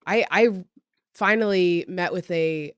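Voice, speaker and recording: A young woman hosting a podcast, chatty and enthusiastic in casual conversation and quick to agree with her guest. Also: lowish voice, clean tone, dry recording, clean studio sound. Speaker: podcast host.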